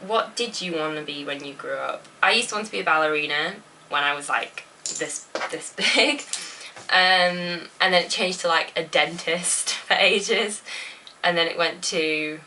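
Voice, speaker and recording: Young woman, chatty and giggly, rambling, slightly lower bright voice, recorded a bit off-mic. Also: unhurried, far from the mic, slight background noise, poor audio. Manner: giggly, rambling, lots of fillers. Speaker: vlogger answering viewer questions. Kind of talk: casual Q&A chat. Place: home bedroom.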